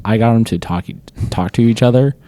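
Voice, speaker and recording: A man's voice: medium pitch, brisk, dark tone, no echo. A young man, a student athlete, chatting casually in an interview with a laid-back, rambling manner and lots of fillers. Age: young adult.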